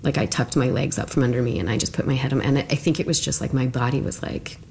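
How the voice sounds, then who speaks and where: Very low-voiced woman telling her story. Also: steady tone, quick pace, gravelly, darkish tone, a little hiss or hum. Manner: chatty, full of "like", acts out quotes. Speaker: interviewee. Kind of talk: casual recounting of personal experience.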